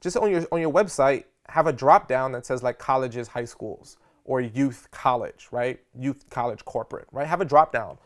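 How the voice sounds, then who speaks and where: A man teaching a live seminar on public speaking, energetic and slangy, often checking in with his audience. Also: mid-range voice, moderate pace, hardly any pauses. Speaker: speaker coach.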